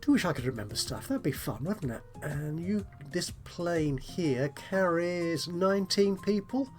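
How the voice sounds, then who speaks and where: A man's voice: fairly high pitch, lively intonation, unhurried, faint music behind. A man talking through a strategy game as he plays, musing aloud in a politely chatty, self-deprecating way. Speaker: let's play host. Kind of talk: gameplay commentary, thinking aloud.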